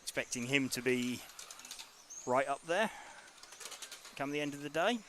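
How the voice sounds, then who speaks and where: Bright-voiced race commentator. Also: male voice, mid-range voice, unhurried, slight background noise. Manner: relaxed, hesitant with many ums and uhs.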